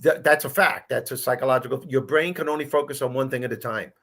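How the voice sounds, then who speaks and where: A man's voice: medium pitch, fast, fairly bright tone. Older man telling earnest stories. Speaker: host. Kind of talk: casual live-show chat.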